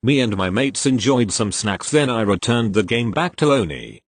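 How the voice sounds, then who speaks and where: A man's voice: fairly low pitch, sing-song, normal speed, dry recording. A man reading posts aloud one after another, going straight through each story. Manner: reads each post straight through, closing with "thank you, next". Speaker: reader of online posts.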